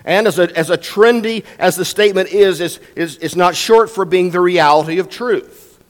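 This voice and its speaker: A man's voice: high-pitched, normal speed. An older man preaching a sermon as a guest pastor in a church, emphatic and varying his pace for effect. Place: church sanctuary. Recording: long reverb in a church hall.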